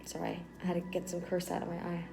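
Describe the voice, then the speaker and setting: A woman's voice: fairly low pitch, completely flat delivery, quick pace, gravelly, low-quality recording. A woman giving a casual tarot reading to her viewers, loose, profane and affirming. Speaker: tarot reader. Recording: music playing under the voice.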